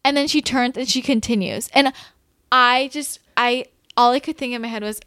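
A woman's voice: fairly high pitch, moderate pace, dry recording. A young woman telling a dramatic story in casual chat, full of "like" and restarts. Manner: animated, fillers of "like", dramatic retelling. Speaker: storyteller guest.

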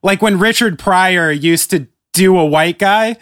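High-voiced New York man, dry close sound. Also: measured pace, a bit bright, no echo. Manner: laid-back, laughs often, swears casually. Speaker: podcast host. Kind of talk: casual chat.

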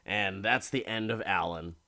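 A man's voice: low-pitched, normal speed. A young man casually recapping a horror episode, swearing freely and laughing as he retells it. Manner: profane, animated, laughs while retelling.

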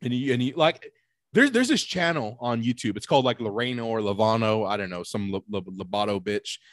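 A man's voice: lowish voice, animated, a little fast, dry recording, clean studio sound. A young man co-hosting a podcast in casual chat, rambling in a laid-back way and swearing. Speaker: podcast co-host.

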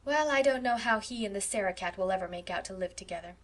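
A woman's voice: mid-range voice, fast, close to an everyday voice. A woman reading aloud and voicing a practical young woman student with a teasing, wry way of talking, in an audiobook. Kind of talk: audiobook character voice.

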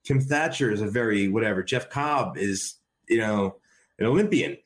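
A man's voice: on the low side, moderate pace. A man talking casually as a podcast guest, rambling with many repeated fillers and restarts. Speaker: podcast guest, wrestling commentator. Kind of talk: casual conversation.

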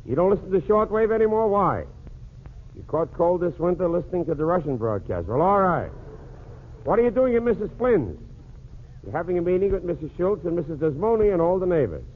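High-voiced man doing a radio phone gag. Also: big pitch swings, brisk, husky. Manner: wisecracking one-sided phone gag. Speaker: radio show host. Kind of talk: 1940s radio comedy monologue. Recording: tinny old radio broadcast with faint hiss.

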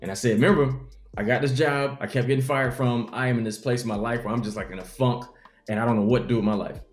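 A man's voice: medium pitch, fast, roomy sound, soft background music. A young adult man, a comedian, telling his life story in an interview and acting out the people in it. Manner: animated storyteller acting out quotes.

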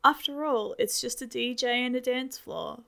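Woman reader playing a shy, stammering teen boy, slightly gravelly voice. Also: fairly high pitch, moderate pace, fairly bright tone, voice pushed up. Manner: stammering, nervous. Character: nervous, awkward teenage boy.

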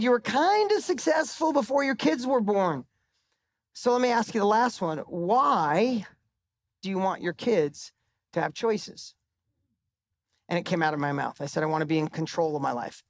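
Live on stage at the mic, a middle-aged man with a high voice gives a motivational talk built around a personal story. He swears emphatically and pushes his voice upward for punchlines.

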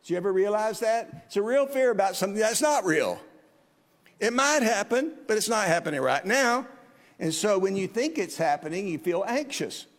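Man in his 50s preaching, high voice, long church echo, earnest and chatty. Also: expressive, moderate pace. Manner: earnest, conversational, asks the congregation questions. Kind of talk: sermon. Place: church sanctuary.

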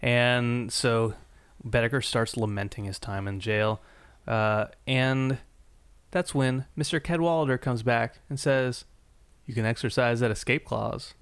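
A man's voice: medium pitch, a bit bright, smooth, no room sound. A man co-hosting a podcast, recapping a TV episode in casual chat with lots of fillers, restarts and laughter. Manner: halting, many fillers, laughs often. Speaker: podcast co-host.

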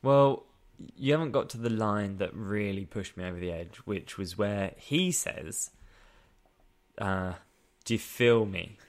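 A man talks casually on a podcast, his voice sitting on the low side. He sounds wry and exasperated and laughs often. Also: unhurried. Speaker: podcast co-host. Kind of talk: casual chat reviewing a film.

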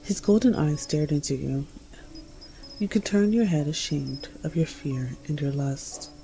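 Low, gravelly woman reading a romance story. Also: a little slow, dark tone, faint music behind, low-quality recording. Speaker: reader. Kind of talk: second-person romance story narration.

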